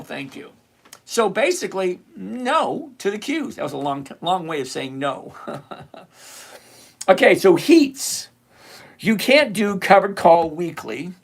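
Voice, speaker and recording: A middle-aged livestream host with a mid-range voice does casual commentary, sarcastically teasing a viewer he addresses directly. He repeats points slowly and mutters as he hunts around the screen.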